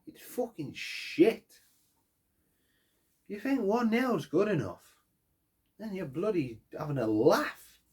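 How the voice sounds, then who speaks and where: A man rants angrily about his team after a match, swearing constantly and leaning hard on each point. His pitch leaps up and drops low as he vents. He talks at an unhurried pace. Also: a little mellow. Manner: angry, heavy swearing, emphatic. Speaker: football fan vlogger. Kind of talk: post-match fan rant.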